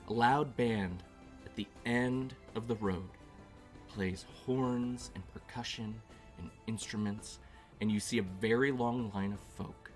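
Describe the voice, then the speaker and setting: A man narrating as game master of a tabletop game, joking and laughing easily as he describes scenes. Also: fairly low pitch. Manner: relaxed, joking, laughs often.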